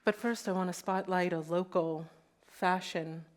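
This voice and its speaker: Host, female, unhurried playful delivery, chatting with a live audience. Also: on the low side, fairly even intonation. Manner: playful, laughing, with many fillers. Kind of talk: casual live talk to an audience. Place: live event hall.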